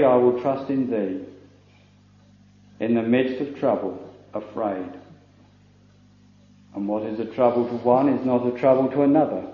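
A man preaches a slow, solemn sermon and leans into scripture in archaic phrasing. His voice sits in a middle register. It was recorded in an echoey church on dull, lo-fi old tape. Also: medium pitch. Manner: solemn, measured preaching with King James quotations.

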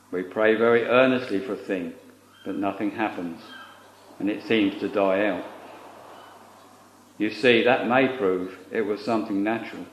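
A man's voice: fairly low pitch, slight background noise. A man preaching a sermon in a solemn, earnest way, using old-fashioned scriptural phrasing. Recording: lo-fi recording in an echoey room.

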